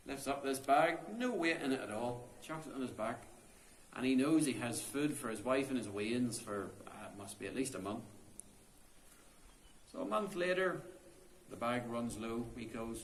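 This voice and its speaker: A man's voice: mid-range voice, animated, normal speed, a little hiss or hum. A man telling a folk tale in a chatty, unscripted way, inside a stone cave tomb. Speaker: storyteller. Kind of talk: oral folk storytelling. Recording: roomy cave echo.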